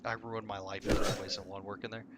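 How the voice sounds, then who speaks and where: A man's voice: on the low side, level tone, fast talker, heavy background noise. A man chatting casually while gaming on stream, rambling through stories, swearing and laughing at himself. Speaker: game streamer. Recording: loud game gunfire behind.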